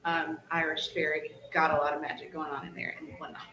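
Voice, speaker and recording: A woman author telling lively anecdotes in a casual convention panel chat. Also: low voice, fast talker, low-quality recording. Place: convention panel room with audience.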